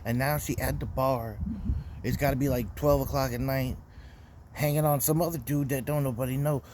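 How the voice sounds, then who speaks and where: A young man recapping his weekend in a loose, profane rant. His voice sits at an average pitch and he talks in a heated, conversational way. A faint background noise runs under the recording. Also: fairly even intonation, moderate pace, darkish tone. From Florida. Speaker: podcast host. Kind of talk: casual storytelling rant.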